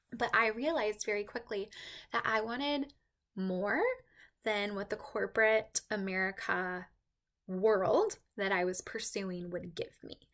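A woman's voice: medium pitch, gravelly, sharp tone. A young woman giving an upbeat, chatty sales training talk, acting out sample conversations as she goes.

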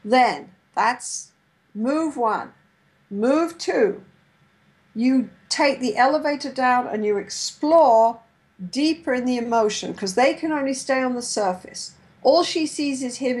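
A middle-aged woman giving a lecture on couple therapy, sometimes acting out therapist and client lines in a gentle voice. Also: fairly high pitch, takes it slowly, low-quality recording. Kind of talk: lecture with role-played therapy dialogue.

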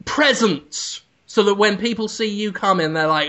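A man's voice: high voice, normal speed, hardly any pauses, sharp tone, highs cut off. A man from the UK co-hosting a comedy podcast, rambling and meandering as he builds a silly bit. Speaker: podcast co-host. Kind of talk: casual comedy podcast chat.

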